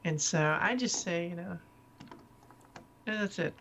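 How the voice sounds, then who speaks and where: Woman, instructor, casual chat, low-ish voice, rambling, laughs often, faint background hiss. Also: measured pace, fairly bright tone. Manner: rambling, laughs between sentences. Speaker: instructor and show guest.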